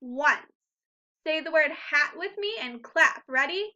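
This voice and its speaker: A woman with a high, bright voice leads a recorded phonics lesson for first graders. She speaks slowly and patiently, encouraging the children as she goes. The recording sounds a bit dull and lo-fi. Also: lively intonation. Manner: slow, patient, encouraging teacher talk to young children.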